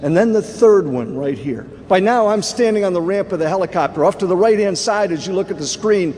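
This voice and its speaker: Older guy giving a speech in a big hall, voice a bit high, tells war stories with lots of drama. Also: animated, a little fast, a little mellow. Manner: dramatic storytelling with vivid war detail. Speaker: keynote speaker. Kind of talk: speech at a banquet. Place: large banquet hall. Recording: echoey hall, faint room ambience.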